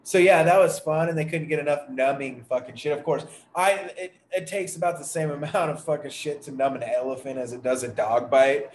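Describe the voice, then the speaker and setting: A podcast co-host with a slightly high male voice talks fairly quickly and barely pauses, spinning a long, profane, exasperated story in casual conversation. The room is echoey, with faint noise in the background.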